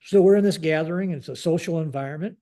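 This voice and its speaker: A man in his sixties, a retired general telling stories as a podcast guest, halting and restarting often. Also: fairly high pitch, dark tone. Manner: halting, frequent restarts, keeps saying "like this". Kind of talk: conversational storytelling.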